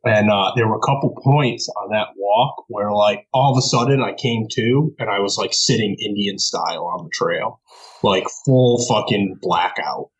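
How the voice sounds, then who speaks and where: A man from New York, a podcast guest, telling a story in a casual, animated way, laughing often and swearing freely. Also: lowish voice, moderate pace, breathy edge, poor audio.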